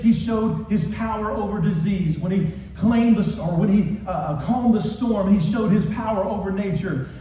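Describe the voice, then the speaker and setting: High-voiced preacher in an echoey church. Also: male voice, mellow, slight background noise. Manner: impassioned preaching with call-and-response. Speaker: pastor. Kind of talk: sermon. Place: church hall with congregation. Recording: echoey, distant, muffled hall recording.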